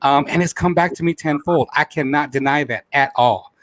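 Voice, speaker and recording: A man's voice: fairly high pitch, normal speed, fairly bright tone, no room sound. A man hosting a live talk show, speaking with heartfelt emotion and saying he is close to tears. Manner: heartfelt, repeats phrases, says he is near tears. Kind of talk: emotional live-stream chat.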